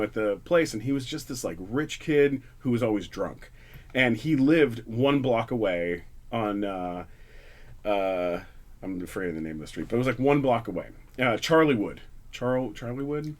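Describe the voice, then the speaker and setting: A man's voice: mid-range voice, lively intonation, normal speed. A man from Canada, a comedian guest, telling a rambling, profane story with lots of fillers and restarts in a radio studio. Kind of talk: casual storytelling on a talk radio show.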